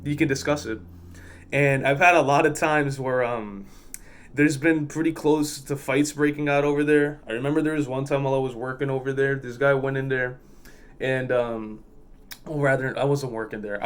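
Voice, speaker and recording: A man's voice: medium pitch, steady tone, brisk. A man who works as a fuel pump attendant, telling work stories in a blunt, profane, exasperated way. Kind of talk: casual storytelling vlog.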